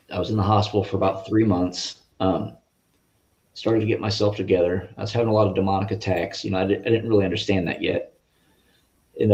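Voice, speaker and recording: Guest man, low-pitched, earnest and halting, on a dull lo-fi video call line. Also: darkish tone. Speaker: interview guest. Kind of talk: personal faith testimony. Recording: muffled lo-fi audio.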